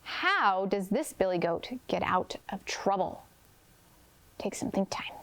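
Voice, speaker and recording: Slow, expressive kindergarten teacher woman. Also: mid-range voice. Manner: gentle, expressive, prompting questions. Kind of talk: teaching a storybook lesson to young children.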